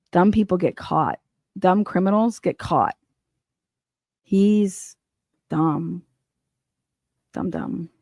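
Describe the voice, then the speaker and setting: A woman's voice: mid-range voice, no room sound, studio quality. A woman hosting a casual commentary show, reacting to news clips in a blunt, profane and mocking way. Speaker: host.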